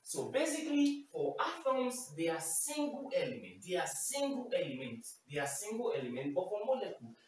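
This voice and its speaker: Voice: mid-range voice, wildly swooping pitch, fairly quick, hardly any pauses, a little mellow. A chemistry teacher giving a simplified video lesson, repeating key terms and often checking in with "okay?". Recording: very echoey room, voice far from mic, faint noise.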